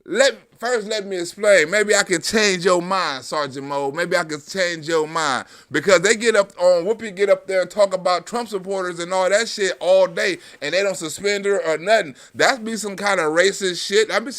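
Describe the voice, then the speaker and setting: Bright-voiced man ranting on his livestream. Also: sits high, moderate pace, hardly any pauses. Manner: loose and profane, talks to the chat. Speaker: livestream host. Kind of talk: casual livestream commentary.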